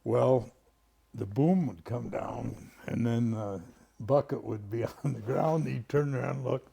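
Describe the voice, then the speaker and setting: An older man with a gravelly, creaky voice tells a story at an unhurried pace. He chuckles and clears his throat as he reminisces casually about old times. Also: mid-range voice, mellow. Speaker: family friend.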